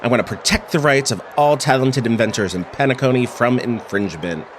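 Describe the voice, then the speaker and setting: Casting: boastful, greedy little inventor, played by a man, pompous and self-important, mid-pitched. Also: fairly quick, slight background noise, close to an everyday voice.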